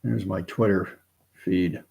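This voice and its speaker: A man's voice: sits low, fairly even intonation, takes it slowly, gravelly, warm tone. A man from Canada hosting a casual live stream, chatty and joking, thinking aloud as he follows a count. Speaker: host.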